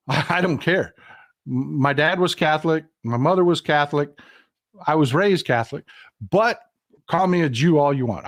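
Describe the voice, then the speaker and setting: A man's voice: a little high, a bit bright, dry recording, studio quality. Folksy man hosting a livestream. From Texas. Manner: folksy, hot-tempered storytelling, addresses viewers as folks. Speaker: livestream host. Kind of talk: casual political livestream talk.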